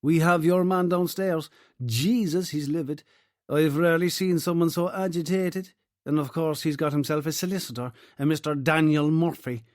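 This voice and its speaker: A man's voice: on the high side, fairly even intonation, moderate pace, no room sound, studio quality, voice pushed up, natural voice. A man voicing a genial middle-aged police inspector with a Cork accent, chatty and hearty.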